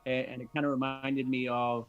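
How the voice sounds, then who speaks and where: A man hosting a casual livestream, talking in a relaxed, thankful way with frequent hesitations. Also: medium pitch, moderate pace, phone-quality sound. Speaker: channel host.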